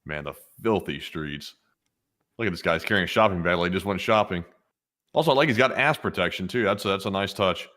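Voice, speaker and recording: A man with a fairly low voice trades jokes as a co-host, reacting to footage with playful asides. He talks in loose, relaxed banter. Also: quick pace. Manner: wisecracking, playful. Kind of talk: casual banter.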